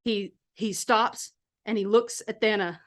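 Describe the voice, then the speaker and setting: A woman's voice: mid-range voice, fairly even intonation, measured pace. A woman narrating a horror tabletop game as game master, setting scenes like a film in a casual way.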